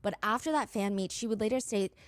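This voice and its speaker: A woman narrating a true-crime story in a brisk podcast style, quoting text messages as she goes. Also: mid-range voice.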